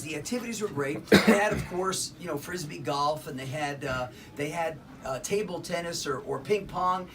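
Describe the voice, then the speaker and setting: A man from Philadelphia doing chatty comedy magic patter on stage, joking and laughing through his lines. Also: fairly high pitch. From Philadelphia, Pennsylvania. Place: live theater show with audience. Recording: distant live stage recording, loud ambience.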